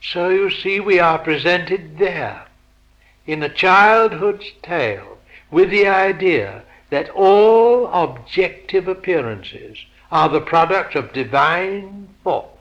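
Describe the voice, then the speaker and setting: A man giving a philosophical lecture, measured and posing rhetorical questions to his listeners. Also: high-pitched, expressive, a bit bright, dull audio.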